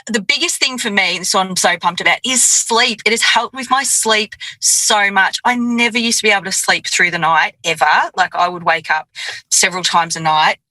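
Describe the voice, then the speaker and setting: A woman's voice: on the low side, pushed and bright, no echo, rough recording. A woman co-hosting a podcast in casual, giggly, rambling chat. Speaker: podcast co-host.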